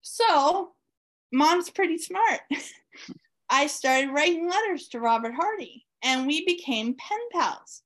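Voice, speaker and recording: A woman with a high voice tells a personal story at an unhurried pace. She talks warmly and eagerly, with plenty of ums and uhs, as an author being interviewed. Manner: warm, excited storyteller with frequent fillers. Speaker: author guest.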